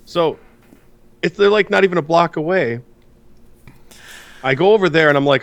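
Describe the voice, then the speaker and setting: A man's voice: on the high side, moderate pace, gravelly, pauses often. A man co-hosting a casual podcast, ranting with lots of swearing, congested from sinus trouble. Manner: profane, ranting, animated storytelling. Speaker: podcast co-host.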